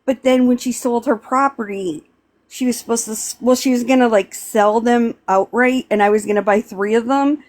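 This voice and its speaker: A middle-aged woman from Pennsylvania, a live stream host, talking in a rambling, halting way and close to tears. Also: a little high, a little mellow. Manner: rambling, halting, tearful, many restarts. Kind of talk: emotional casual chat.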